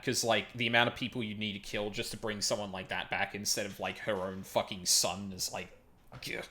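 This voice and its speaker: A man's voice: fairly low pitch, flat delivery, fairly quick, bright, forceful tone. A man streaming a video game, reading its text aloud and stumbling over unfamiliar words, with casual sweary asides.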